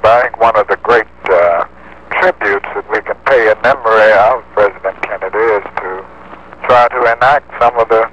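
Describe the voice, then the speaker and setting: A man's voice: on the low side, normal speed, fairly bright tone, husky. A man on an archival phone call, polite and earnest. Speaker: civil rights leader on the phone. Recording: muffled old phone tape.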